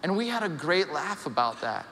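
A high-pitched, bright and forceful man delivers an animated sermon. He dips into lower, mocking voices to act out the people he describes. The sound carries the long reverb of a large hall. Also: moderate pace. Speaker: pastor.

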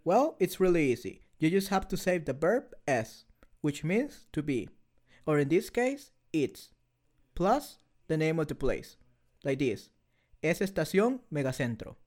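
A male language teacher giving a measured, scripted lesson explanation. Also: a little high, very animated, a little mellow.

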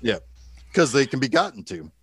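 A podcast co-host with a sing-song, mid-range, slightly rough voice talks movies casually at normal speed. He energetically retells scenes, quotes lines in different voices, laughs, and swears without a second thought.

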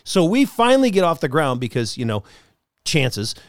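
A man co-hosting a casual podcast, telling stories in a lively way and acting out the people he quotes. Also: a little high, moderate pace, dry recording, studio quality. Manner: animated storyteller, acts out quotes. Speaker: podcast co-host. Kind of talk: casual chat.

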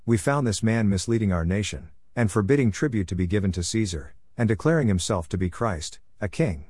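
A man reading scripture aloud in a plain, measured way, in short phrases. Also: on the low side, a little mellow, no room sound. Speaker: scripture reader.

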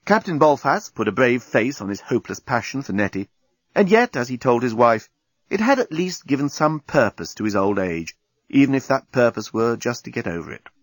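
Male audiobook narrator, wry and animated. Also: mid-range voice, normal speed, no room sound.

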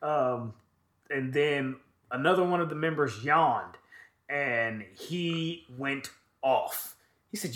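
A man's voice: mid-range voice, takes it slowly, a bit bright, echoey room. A man co-hosting a podcast, recapping wrestling in a loose, profane, rambling way with lots of fillers. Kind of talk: casual chat.

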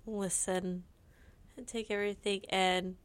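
A woman's voice: medium pitch, flat delivery, measured pace. Rambling, giggly young woman chatting. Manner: rambling, filler-heavy, giggly. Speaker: podcast co-host. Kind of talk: casual chat.

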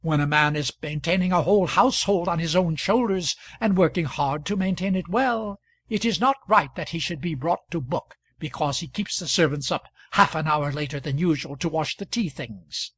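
A male audiobook reader narrating a classic novel in a measured, even delivery. His voice is high for a man and husky. The recording is dry and close, with no room sound. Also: no room sound.

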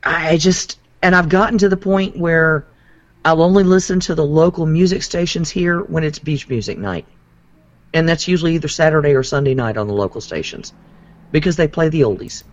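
A man's voice: on the high side, normal speed. A man co-hosting a casual talk show, chatty and opinionated. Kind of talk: casual chat. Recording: dry, dull lo-fi sound.

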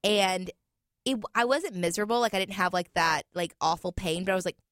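A young woman from Minnesota chats as a podcast co-host in a somewhat low voice. She teases and reacts quickly. The recording is close and dry. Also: a bit bright, no echo. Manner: chatty, teasing, quick reactions. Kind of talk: casual chat.

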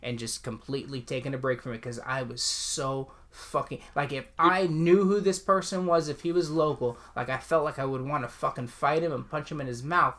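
A man co-hosting a casual podcast, heatedly retelling a story with lively, animated delivery. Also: medium pitch, a little fast, few pauses. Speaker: podcast co-host.

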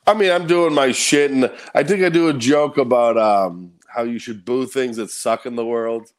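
Brief: male stand-up guest, relaxed and crude. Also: mid-range voice, moderate pace. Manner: laid-back, profane storytelling. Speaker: guest comedian. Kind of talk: casual chat. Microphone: video call.

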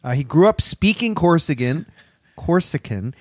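A man co-hosting a comedy history podcast, telling the story with relaxed "um" pauses. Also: on the high side, no echo, clean studio sound. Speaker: podcast co-host. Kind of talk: casual comedic podcast chat.

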